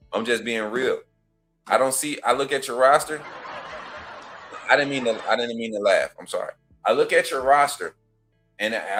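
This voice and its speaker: A man's voice: on the low side, a bit bright. Trash-talking man hosting sports talk. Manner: trash-talking, rambling with restarts, apologetic laughs. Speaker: host of a football call-in show.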